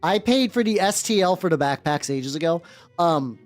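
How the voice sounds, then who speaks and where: Chatty streamer with a bouncy, expressive delivery, greeting viewers and swearing casually while painting. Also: mid-range voice, moderate pace, soft background music. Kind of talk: casual livestream chat.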